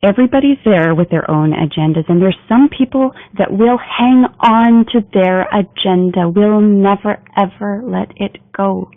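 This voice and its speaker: Emphatic coaching trainer, gravelly fry in the voice, dry close sound, tinny phone-like recording. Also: mid-range voice, unhurried, hardly any pauses, dry recording. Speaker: communication trainer. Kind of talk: business training talk.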